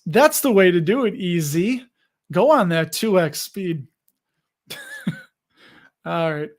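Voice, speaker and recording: Chatty high-voiced man hosting a live chat. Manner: chatty, laughs often, self-deprecating. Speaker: livestream host reading chat.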